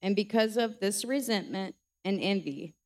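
A woman reading her prepared testimony to a church congregation, nervous and emotional, speaking softly. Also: medium pitch, moderate pace. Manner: nervous, emotional, soft-spoken. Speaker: church member giving testimony. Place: church sanctuary.

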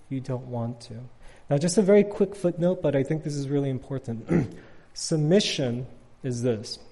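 A middle-aged man giving a casual, conversational sermon with lots of fillers, loudly acting out the people in his stories. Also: medium pitch, long reverb tail. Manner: casual, chatty, frequent fillers, acts out quotes loudly. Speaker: guest preacher.

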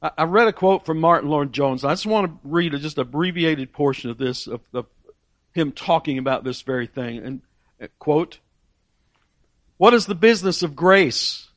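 A man's voice: fairly high pitch, moderate pace, dry recording. A man preaching a sermon, asking rhetorical questions and repeating key phrases for emphasis.

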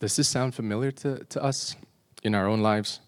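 A man preaching a sermon in a confessional way, asking the congregation rhetorical questions and slowing down and dropping his voice on solemn points. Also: lowish voice, steady tone.

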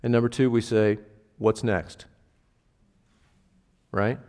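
Slow and level, a pastor with a lowish, darkish voice gives a casual, conversational sermon in a reverberant hall. He often checks in by asking the congregation questions, and he punches key words in emphatic bursts.

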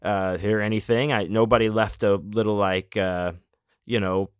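With a fairly low pitch, a steady, clean tone and a moderate pace, a man hosts a podcast through a rambling, casual monologue of restarts, fillers and the odd curse. The recording is clean studio sound without echo.

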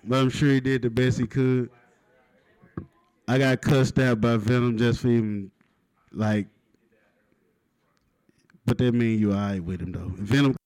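A man's voice: medium pitch, steady tone, a little slow, pauses often, no room sound, poor audio. Profane man doing stand-up. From Mississippi, USA. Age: 30s. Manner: profane, punchy delivery with loud outbursts. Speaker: stand-up comedian. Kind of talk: stand-up comedy set. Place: open mic stage in a live venue.

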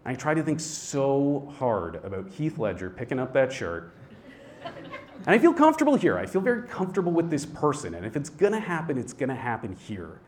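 Young male storyteller, lively delivery that swings from hushed to loud, faint room ambience behind. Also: medium pitch, fairly quick, slight background noise. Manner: animated, swings from quiet to loud. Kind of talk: live personal storytelling.

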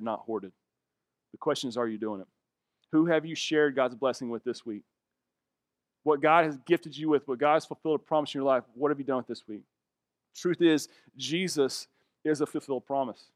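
A man's voice: fairly high pitch, no echo. Emphatic male pastor, dry close sound. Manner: earnest, emphatic, asks the listeners questions. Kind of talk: sermon.

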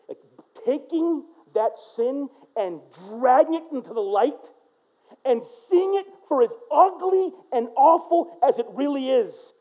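A male pastor preaching a sermon, dropping to a quiet voice for prayers and rising to loud, emphatic exhortation. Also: very high-pitched, animated, a little slow, narrow, tinny audio.

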